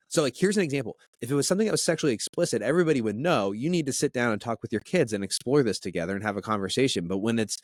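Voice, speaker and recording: A man in his thirties talks as a podcast guest, earnest and animated, tripping into restarts as he shares a story. His voice sits fairly low, and the recording is dry and close with no room sound. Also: racing, no echo. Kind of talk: conversational storytelling.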